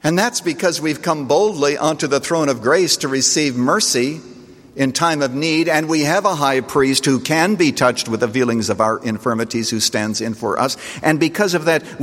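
Earnest male pastor preaching in a hall. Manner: earnest preaching, swells on key phrases and drops low and soft. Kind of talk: sermon.

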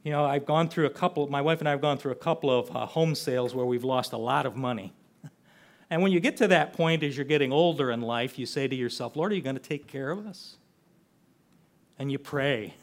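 A man's voice: mid-range voice, a little fast. An older man preaching a sermon, earnest and conversational, often asking rhetorical questions. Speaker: pastor.

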